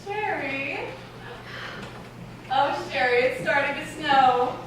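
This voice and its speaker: Woman playing a brisk secretary, high voice, echoey stage, kinda noisy, far from the mic. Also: expressive. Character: helpful, level-headed young secretary. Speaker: community theater actor. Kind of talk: live stage acting. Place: theater stage.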